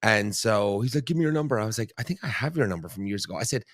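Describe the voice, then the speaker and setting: Irish-born male podcast host, 30s, low-pitched, dry close sound, chatty storyteller. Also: fast talker, dry recording. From Ireland. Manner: animated storytelling, swearing, frequent "like". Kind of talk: casual chat.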